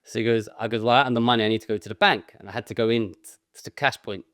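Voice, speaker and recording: A man co-hosting a comedy podcast, telling a sweary, animated story and laughing as he goes. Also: on the low side, rapid-fire. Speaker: podcast co-host.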